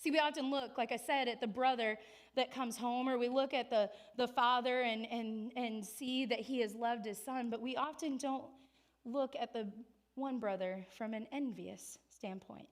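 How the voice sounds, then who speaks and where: A woman with a high voice preaches a sermon. She tells the story earnestly and drops into a quiet, subdued narrating voice. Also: normal speed. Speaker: pastor.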